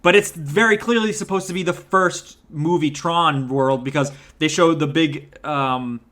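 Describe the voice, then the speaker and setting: A man with a bright, fairly high voice rants through a film review. He sounds exasperated, swears freely and keeps tripping over restarts and repeated words as he rambles. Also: a little slow. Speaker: movie reviewer.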